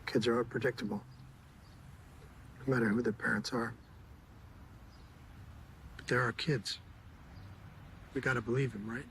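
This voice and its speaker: A man's voice: medium pitch, steady tone, measured pace, pauses often, fairly bright tone, slight background noise. A man playing a cautious grieving parent, guarded in how he speaks. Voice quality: gravelly, guarded. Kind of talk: film drama acting.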